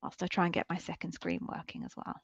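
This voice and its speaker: A woman's voice: lowish voice, big pitch swings, fast, vocal fry, husky, dry recording, dull audio. A woman co-hosting a live coaching stream, chatting casually and laughing at herself as she waits for viewers. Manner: chatty, self-deprecating, laughs easily.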